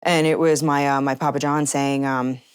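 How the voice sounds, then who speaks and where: A woman's voice: rumbling low, little pitch movement, moderate pace, smooth, no room sound, clean studio sound. A woman telling her personal story in an interview, earnest and acting out remembered conversations. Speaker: interview guest.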